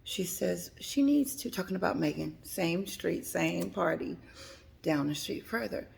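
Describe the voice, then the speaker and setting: A woman's voice: on the low side, lively intonation, unhurried, gravelly, a little mellow, slight background noise. A woman giving chatty, dramatic celebrity gossip commentary on her vlog. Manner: chatty, dramatic, laughs between remarks.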